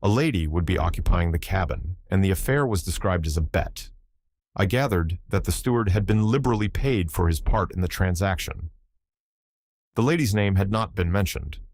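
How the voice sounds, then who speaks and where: A man narrating a novel in the first person, in a measured storytelling manner. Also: low-pitched, a little mellow, no echo, clean studio sound. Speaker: audiobook narrator.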